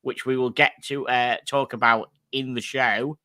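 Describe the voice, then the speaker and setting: A man's voice: medium pitch, fairly even intonation, a little slow, sharp tone, no echo, studio quality. A man hosting a casual live stream, chatty and jokey, rambling between guests. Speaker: host.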